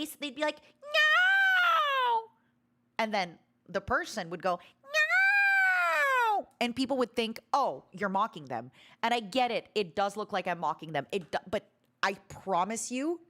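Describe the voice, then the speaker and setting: Woman streamer, casual chat, lively up-and-down voice, blunt to-the-point delivery. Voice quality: animated, self-described harsh to-the-point tone. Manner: rambling with many restarts and fillers, sudden loud squeaky imitations.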